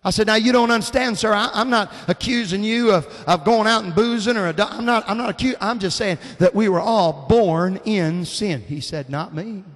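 A man's voice: high voice, moderate pace, hardly any pauses. A man in his fifties preaching a sermon in a folksy, fervent style, telling stories and calling out amens. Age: 50s. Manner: folksy Southern preaching, rising to fervent shouts. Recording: long hall reverb.

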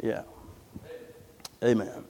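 A man preaching a sermon with fervent, repetitive phrasing that builds to loud exclamations. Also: extremely slow, background noise. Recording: long reverb of a church hall.

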